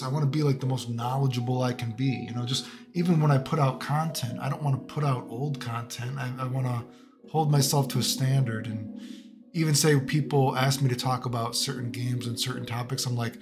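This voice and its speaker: A man rants casually about fighting games. He swears freely and rambles, full of "you know" and "dude," in a medium-pitched voice, with music playing clearly under him. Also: fairly even intonation, brisk. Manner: casual, profane, rambling, with many fillers. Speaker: fighting game streamer and commentator. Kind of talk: ranting commentary.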